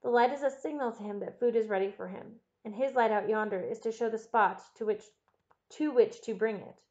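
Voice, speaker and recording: A woman's voice: on the high side, brisk, darkish tone, natural voice. Woman voicing a middle-aged housekeeper, audiobook, earnest, confessing, dull lo-fi sound. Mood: distraught. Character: distraught middle-aged housekeeper, butler's wife.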